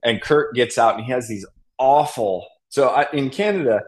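A young man telling a hunting story in a casual podcast chat, animated and laughing, acting out what others said. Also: mid-range voice, normal speed. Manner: animated, laughing, acts out quotes. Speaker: podcast guest.

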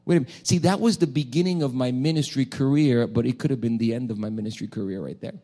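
A male pastor delivers a sermon by telling a personal story. His delivery is animated, with frequent restarts and repeated phrases. His voice sits at an ordinary middle pitch for a man. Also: quick pace.

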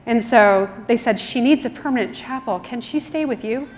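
A religious sister giving a conference keynote, telling stories with acted-out quotes and laughter, then praying in a hushed, soft voice. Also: female voice, on the high side, moderate pace, slight background noise. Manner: animated storyteller who acts out quotes, laughing often, then hushed and soft in prayer. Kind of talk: conference keynote with storytelling and prayer. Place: large conference hall. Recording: reverberant large hall.

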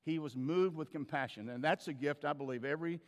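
A man's voice: fairly high pitch, a little fast, long reverb tail. A man preaching a sermon as a pastor, telling stories in a conversational way with frequent restarts.

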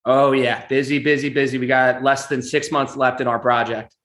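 A man's voice: medium pitch, level tone, moderate pace, a bit bright. A young man in his twenties, a guest in a casual interview, talking easily and laughing through his stories. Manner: easygoing, laughs while telling stories. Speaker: guest, amateur charity boxer. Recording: roomy echo.

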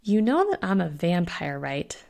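A woman's voice: on the low side, very animated, normal speed, gravelly, a little mellow. A woman reading the part of a laid-back young vampire woman with dry, unbothered talk. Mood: offhand.

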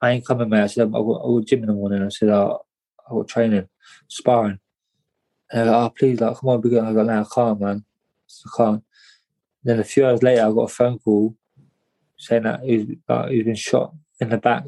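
A man's voice: on the low side, level tone, fairly quick, gravelly, long pauses, warm tone, low-quality recording. A young man, telling a story as an interview guest in a rambling, slangy way, often repeating his words. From England. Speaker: guest, boxer.

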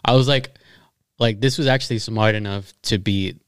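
A man's voice: lowish voice, normal speed, smooth, no room sound, clean studio sound. A man telling stories and talking fights in a casual chat with friends, swearing often and breaking into laughs. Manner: laughing storyteller, swears a lot.

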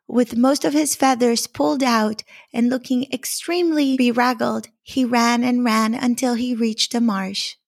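A woman telling a fairy tale in a measured, expressive storybook narration. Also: a little high.

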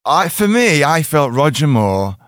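A man with a Liverpool accent telling an animated story as a guest and acting out the quotes in other voices. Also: on the high side, a little slow, no echo, studio quality. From Liverpool, England. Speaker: actor guest. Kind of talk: casual chat, storytelling.

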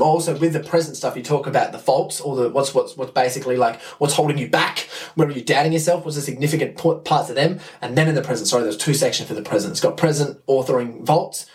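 A man's voice: medium pitch, far from the mic. A young man, talking casually and enthusiastically on his podcast, rambling and swearing as he goes. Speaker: podcast host.

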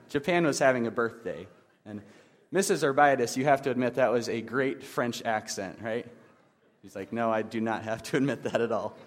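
A man's voice: mid-range voice, big-room sound. A man in his thirties, a pastor giving a conversational sermon with self-deprecating humor.

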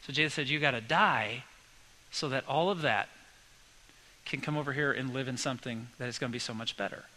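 Bright-voiced man preaching conversationally. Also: mid-range voice, brisk, slight background noise, poor audio. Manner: conversational storytelling with lively quoted voices. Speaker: pastor. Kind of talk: sermon.

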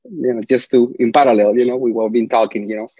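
A man's voice: mid-range voice, fairly even intonation, fast, warm tone, husky, no echo. A man from Peru with a Spanish accent, a talkative interview guest telling long rambling stories. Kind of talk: casual interview storytelling. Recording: dry, slightly dull lo-fi sound.

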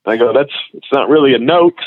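A man's voice: medium pitch, fast talker, dry recording. Comedian guy telling road stories over a tinny phone line, chuckles a lot, dry sound. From Houston, Texas. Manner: laughs through his anecdotes. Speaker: guest comedian and voice actor. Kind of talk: casual storytelling.

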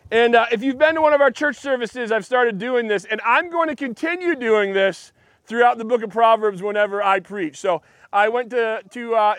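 A pastor with a very high voice gives a relaxed, joking sermon and chats with his congregation. The sound is dry and close, with no room echo. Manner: chatty, joking, talks to the congregation. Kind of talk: casual sermon. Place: church.

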